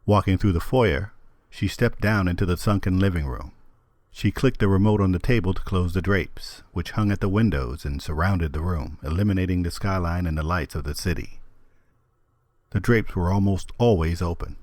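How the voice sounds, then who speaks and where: A man narrating an audiobook in a measured, steady storytelling manner. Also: sits low, no room sound. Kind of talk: scripted narration.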